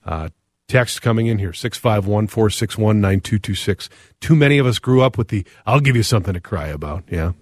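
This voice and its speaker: Low-voiced man hosting a radio talk show. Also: expressive, no echo, clean studio sound. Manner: earnest, reflective, with frequent "uh" pauses. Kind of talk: radio call-in talk, reading listener texts.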